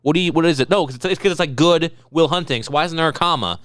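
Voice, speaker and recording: A young man co-hosting a podcast, riffing fast in profane comedic banter and dropping into mocking impressions. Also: on the high side, a bit bright, dry recording. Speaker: podcast co-host.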